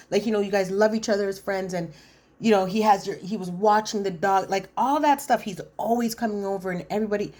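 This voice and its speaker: A woman's voice: medium pitch, a little mellow. A woman giving casual, opinionated commentary on a reality show. She is chatty, often says "listen" and acts out the quotes.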